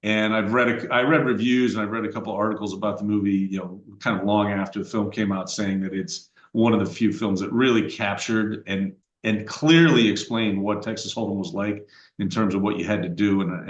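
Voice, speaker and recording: A man's voice: lowish voice, steady tone, fairly quick, dull audio. A middle-aged American man hosting a podcast, talking in a casual, rambling way with frequent fillers and restarts. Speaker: podcast host. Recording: roomy echoey room.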